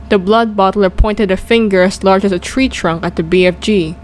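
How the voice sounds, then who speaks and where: A woman reading a children's storybook aloud in a calm, steady way as narrator. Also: medium pitch, normal speed, hardly any pauses, a little hiss or hum, poor audio. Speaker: audiobook reader.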